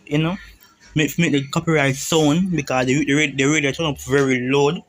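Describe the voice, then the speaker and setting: A young man with a Jamaican accent, talking slowly and loosely to his viewers in patois. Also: fairly high pitch, fairly even intonation, slight background noise. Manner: slow, laid-back patois talk. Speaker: vlogger. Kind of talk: casual vlog chat. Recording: music playing in the background.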